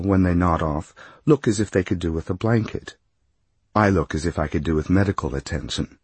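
A man's voice: deep voice, slightly rough, no room sound. A man reading a humorous travel memoir aloud, with a dry, wry comic delivery. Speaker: narrator.

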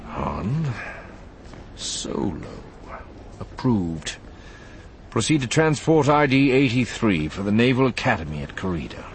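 Man voicing bored older officer, dry clipped delivery, lively pitch, audiobook, faint hiss. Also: unhurried, pauses often. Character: bored older male Imperial recruiting officer.

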